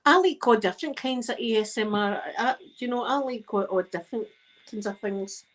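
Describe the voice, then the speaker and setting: A Scottish woman in her fifties, an ASMR creator, talks softly while knitting and rambles through chatty stories. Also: on the high side, a little fast, poor audio. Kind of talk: soft-spoken ASMR chat while knitting.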